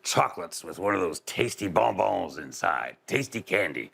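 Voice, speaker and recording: Bear, male, huge and scarred, hungry and musing slowly, gravelly and low, put on by a storyteller man. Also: very animated, a bit bright, heavily acted. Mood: greedy.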